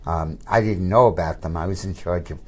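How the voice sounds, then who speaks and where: A man's voice: sits low, brisk, darkish tone, husky. An older man, a political commentator, telling anecdotes in a casual chat with frequent restarts.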